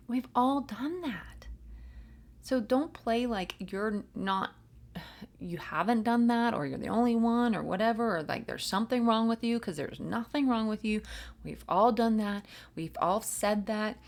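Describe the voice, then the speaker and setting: This woman's voice is on the high side, expressive and measured, with vocal fry. Doing a spiritual reading for her channel, she delivers a casual pep talk to the camera, rambling and chatting encouragingly while poking fun at herself.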